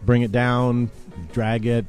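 A man's voice: mid-range voice, completely flat delivery, slow pace, a little mellow, faint music behind. A man hosting a casual live podcast, joking and handing out gifts to his co-hosts. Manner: upbeat, jokey, handing out gifts on air. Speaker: podcast host. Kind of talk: casual show banter.

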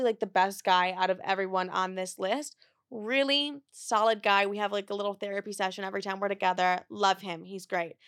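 A woman's voice: medium pitch, a bit bright, dry recording, studio quality. A woman in her twenties hosting a casual podcast, telling dating stories bluntly with lots of swearing and acted-out quotes. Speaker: podcast host. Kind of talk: casual confessional chat.

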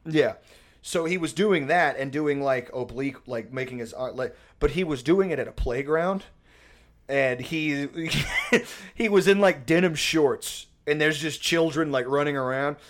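A man chats on a podcast in a rambling, animated way, swearing freely. His voice sits on the high side for a man. He piles one tangent onto the next as he tells a story. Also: unhurried. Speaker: podcast co-host. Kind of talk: casual comedic chat.

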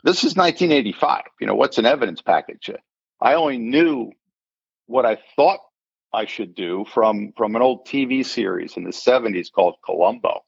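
Older man with a gravelly, husky voice. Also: medium pitch, lively intonation, moderate pace, no room sound. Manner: narrates dramatically, acting out the voices of people in his story. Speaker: interview guest, retired forensic accountant. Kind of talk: personal storytelling in an interview. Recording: dull lo-fi sound.

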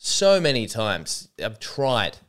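A man's voice: fairly low pitch, very animated, takes it slowly, a bit bright. A young man hosting a comedy podcast alone, rambling and sarcastic, often mocking himself. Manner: sarcastic, rambling, self-deprecating. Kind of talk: solo comedic monologue.

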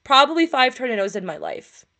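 A woman's voice: high voice, big pitch swings, fairly quick, pushed and bright. A young woman from upstate New York, co-hosting a casual podcast over voice chat and telling rambling, profane stories with laughs. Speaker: podcast co-host. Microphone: push-to-talk voice chat.

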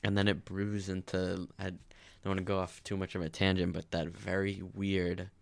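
Gravelly low-voiced man, rambling. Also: monotone, no room sound. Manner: rambling, profane, quick to tangents. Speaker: podcast co-host. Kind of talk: casual chat.

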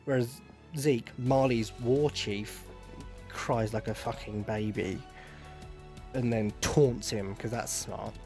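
A man's voice: mid-range voice, steady tone, slow pace, darkish tone, soft background music. A man ranting casually as an anime reviewer, exasperated and full of swearing. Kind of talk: casual video commentary.

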